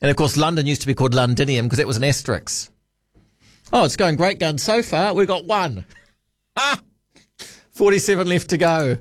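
Higher-voiced New radio host. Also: male voice, lively intonation, moderate pace, long pauses, no echo, clean studio sound. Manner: chatty, musing aloud. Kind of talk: casual talk radio.

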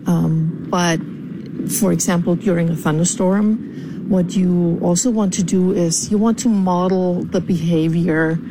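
A woman calling in to a podcast with a recorded voicemail, speaking deliberately with frequent ums. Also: fairly low pitch, fairly even intonation, background noise. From California. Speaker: caller.

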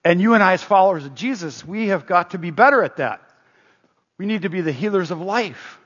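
A man preaching a sermon, telling a story in a chatty way with restarts, and rising loud on points of emphasis. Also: high voice, lively intonation, brisk, slightly rough. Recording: dull echoey hall.

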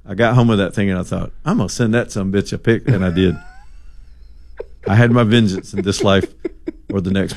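Storytelling radio host, low voice. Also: male voice, fast. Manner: animated storyteller, acts out quotes. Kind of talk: casual storytelling talk radio.

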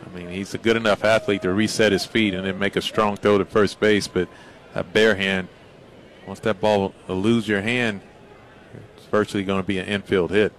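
A man offering baseball color commentary in a lowish voice. He breaks down plays in a measured, analytical way, taking his time to explain what a player should have done. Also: little pitch movement.

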